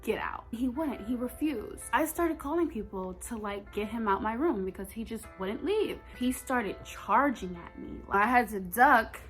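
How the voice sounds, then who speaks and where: A woman's voice: on the high side, lively intonation, measured pace, few pauses, fairly bright tone, faint music behind. A young woman telling a personal story in a storytime vlog, talking straight to her viewers with emphasis. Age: young adult.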